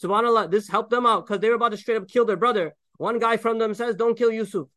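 An Islamic preacher with a high voice speaks fast in a sermon explaining Quran verses with Arabic recitation. He's animated and joking, acting out the people in the story.

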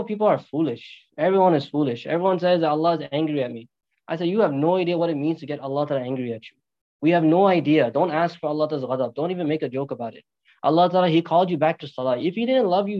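A man preaching a sermon in an animated storytelling way, asking rhetorical questions and using Arabic religious phrases. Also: on the high side, quick pace, lo-fi sound. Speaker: Islamic preacher.

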